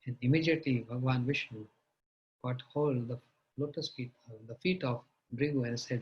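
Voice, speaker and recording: A man who is a religious teacher, telling a sermon story and often clearing his throat. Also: mid-range voice, moderate pace, a little hiss or hum. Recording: dull lo-fi audio.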